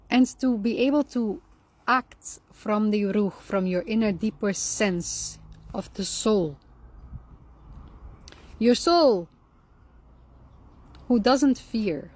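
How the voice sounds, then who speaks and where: A woman giving calm, earnest spiritual advice on anger and forgiveness, repeating her key phrases for emphasis. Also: mid-range voice. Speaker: Islamic lifestyle speaker. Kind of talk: reflective spiritual advice talk.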